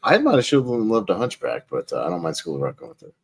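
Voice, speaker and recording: A man's voice: sits low, huge pitch swings, fast talker, slightly rough. A man hosting a casual movie-tournament panel, blunt and profane, often laughing as he calls for votes. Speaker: podcast host running a movie tournament.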